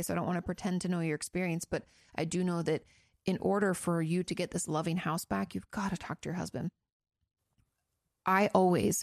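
A woman's voice: on the low side, vocal fry, darkish tone, no room sound, clean studio sound. A frank woman who used to be a therapist, giving casual, chatty advice with some swearing. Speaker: host, former therapist answering listener questions.

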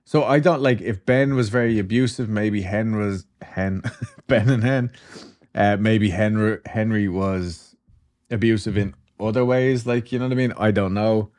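Low-voiced man telling a story casually. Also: measured pace, a little mellow. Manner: chatty and loose, with swearing and filler asides. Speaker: podcast host.

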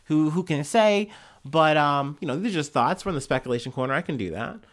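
A man's voice: fairly high pitch, expressive, brisk. A man riffing on the news for his podcast. He rambles, drops sarcastic asides and swears freely, leaning on "like" and "you know" as he goes. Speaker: podcast host. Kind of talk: casual solo news commentary.

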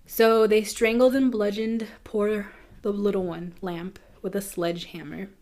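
A woman walks through a grim case in loose, conversational storytelling. She talks in an easy, even voice, throwing in quick asides and restarts as she goes. She sounds like a podcast host chatting with a friend. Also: medium pitch. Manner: chatty, fast asides with nervous laughs. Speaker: true crime podcast host. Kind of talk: casual storytelling.

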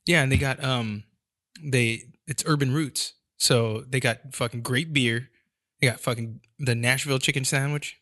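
A man's voice: medium pitch, fairly even intonation, moderate pace, pushed and bright, no echo, clean studio sound. A man, about in his thirties, hosting a casual podcast chat, telling loose stories full of "like", "dude" and swearing. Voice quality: swears constantly, lots of likes and dudes. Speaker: podcast host.

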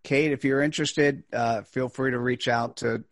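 A man hosting an interview, speaking politely and haltingly, often restarting his sentences. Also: mid-range voice, steady tone, no echo, clean studio sound. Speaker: host.

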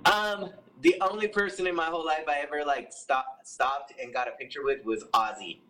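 A man telling a story as a podcast guest, animated and profane, acting out what other people said. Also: on the high side, normal speed, distant mic, poor audio. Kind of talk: casual storytelling.

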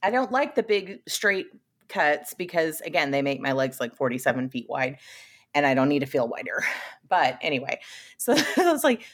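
A woman co-hosting a podcast in loose, casual chat. Her pitch sits a little low but jumps around a lot as she tells things, and she laughs often and swears without a second thought. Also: very animated, normal speed. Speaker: podcast co-host.

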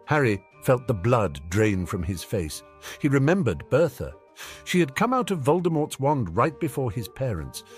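A man's voice: medium pitch, big pitch swings, moderate pace, faint music behind. A man reading a fan fiction story aloud as audiobook narration. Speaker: audiobook reader.

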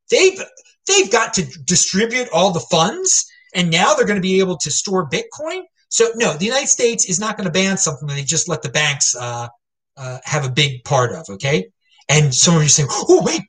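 Husky-voiced man ranting casually. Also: a little high, a bit bright. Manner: rambling, emphatic, full of repeats and "okay?". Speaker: crypto show host. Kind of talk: casual opinion rant.

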